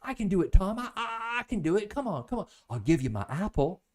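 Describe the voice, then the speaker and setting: A man's voice: sits high, sing-song, fairly quick, voice pushed up. A man voicing an eager neighborhood boy, stammering as he begs for a turn. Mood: pleading. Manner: begging, stammering.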